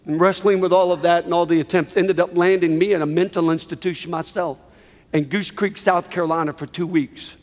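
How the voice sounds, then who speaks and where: Middle-aged male preacher, high voice, fervent sermon delivery with repetition, echoing hall. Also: steady tone, a little mellow. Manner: impassioned, with dramatic pauses and repetition. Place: church hall with an audience. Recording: reverberant hall.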